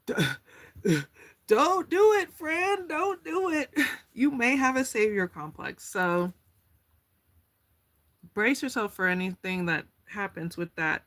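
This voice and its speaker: A woman's voice: lowish voice, a bit bright. A woman giving a casual tarot card reading, chatty and slangy, going off on tangents. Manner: chatty, slangy, laughs easily and goes off on tangents.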